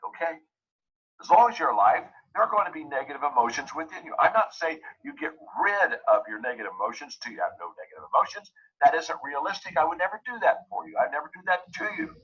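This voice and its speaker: A male motivational speaker who drives his points home and repeats key phrases. His voice is bright and forceful with a husky edge. The recording sounds dull and lo-fi. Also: fairly high pitch. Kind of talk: motivational talk.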